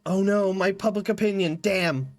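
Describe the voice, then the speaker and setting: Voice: medium pitch, steady tone, normal speed, a little mellow, faint music behind. A game streamer chatting casually and animatedly on a live stream, laughing often and restarting sentences. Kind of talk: casual live-stream chat while playing.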